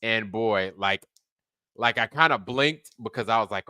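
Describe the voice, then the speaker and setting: Bright-voiced man rambling on a livestream. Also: lowish voice, a little slow, clean tone, no echo, studio quality. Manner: loose, rambling, profane, talks to chat viewers. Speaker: livestream host. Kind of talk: casual late-night livestream chat.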